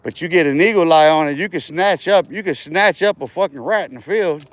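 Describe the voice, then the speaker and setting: A man's voice: on the high side, fairly quick, no echo. A man hosting his own livestream, rambling and taunting his viewers in a profane rant, often breaking into laughter. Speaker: livestream host.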